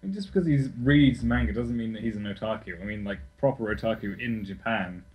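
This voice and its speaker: A man's voice: lowish voice, fairly quick, a little mellow, breathy edge, low-quality recording. A young man co-hosting a podcast in casual, sweary, self-correcting chat. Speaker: podcast co-host.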